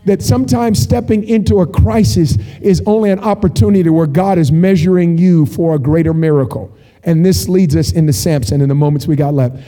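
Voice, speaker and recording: A man preaching a sermon, telling stories with animated energy and jokey asides. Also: on the high side, brisk. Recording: long hall reverb.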